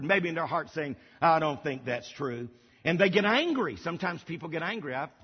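A man's voice: sits high, breathy edge. A middle-aged male pastor preaching a sermon, emphatic and repeating key phrases for weight. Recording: dull lo-fi audio with long hall reverb.

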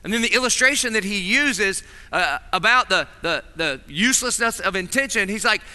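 A man preaching a sermon in a chapel, animated and acting out little scenes with different voices. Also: sits high, normal speed. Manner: animated, acts out voices in stories. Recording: long reverb of a large hall.

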